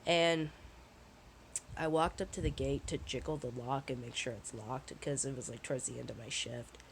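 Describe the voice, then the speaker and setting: A woman's voice: rumbling low, fairly even intonation, normal speed, creaky, a little hiss or hum, low-quality recording. A woman vlogger telling a personal story in a casual, rambling way, swearing often and sounding shaken. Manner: profane, candid, rambling with restarts.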